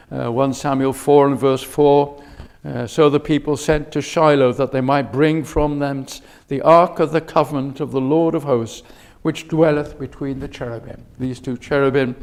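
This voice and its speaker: A man preaching a sermon in a chapel, measured and unhurried, often hesitating with fillers and restarts. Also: medium pitch, vocal fry, warm tone.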